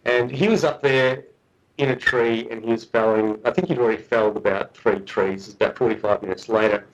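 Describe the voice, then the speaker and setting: A man, a guest researcher, telling a story in a chatty, animated way with frequent restarts. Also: medium pitch, fairly quick, lo-fi sound. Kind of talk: casual storytelling.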